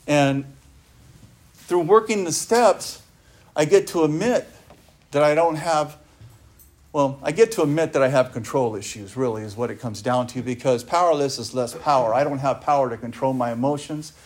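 A man's voice: mid-range voice, normal speed. A man giving an earnest recovery talk, speaking emphatically and often asking his listeners rhetorical questions.

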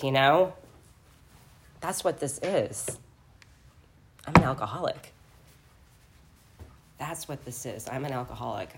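Tearful low-voiced woman sharing her story. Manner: emotional, tearful, rambling with many fillers. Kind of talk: personal testimony at a recovery meeting.

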